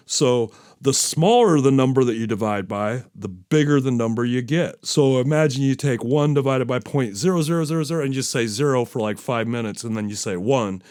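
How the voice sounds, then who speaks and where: A man's voice: mid-range voice, darkish tone, dry recording, clean studio sound. A man hosting a podcast, talking in a casual, rambling way with plenty of fillers and self-deprecating asides. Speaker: podcast host. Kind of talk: casual solo podcast chat.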